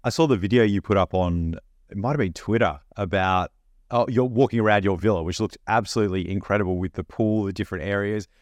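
A man's voice: fairly low pitch, fast, no echo. A man co-hosting a podcast, teasing his co-host playfully and saying "mate" a lot. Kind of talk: casual podcast chat.

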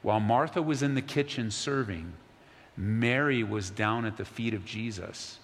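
A man preaching a sermon as pastor, earnest, sometimes dropping to a soft, near-whispered voice. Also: lowish voice, moderate pace. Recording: long hall reverb, faint ambience.

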